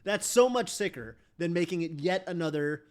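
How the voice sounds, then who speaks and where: A man's voice: a little high, lively intonation, normal speed, a little mellow. A man streaming a game, chatting casually in a rambling way full of fillers and restarts. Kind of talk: casual chat while streaming.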